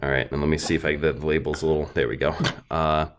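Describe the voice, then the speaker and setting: A man's voice: a bass voice, level tone, fast. A man hosting a casual beer-tasting podcast, joking and swearing as he reads a label aloud. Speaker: podcast host.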